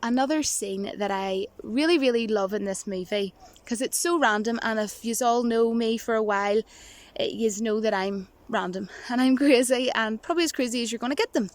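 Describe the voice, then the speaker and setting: A woman's voice: fairly high pitch, moderate pace. A woman vlogger chatting casually to camera, rambling and giggling, with a touch of self-mocking nerves. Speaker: movie vlogger.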